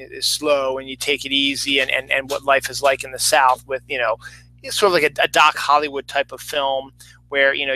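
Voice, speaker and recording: A man's voice: medium pitch, sharp tone, poor audio. A man giving a casual, rambling film review, full of fillers and restarts.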